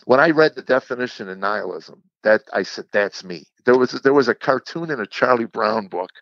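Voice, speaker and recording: A man, a comedian guest on an interview podcast, candidly telling a personal story in a halting, earnest way and acting out the quotes. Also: mid-range voice, expressive, a bit bright, dry recording, lo-fi sound. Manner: earnest, halting retelling with repeated words and acted-out quotes.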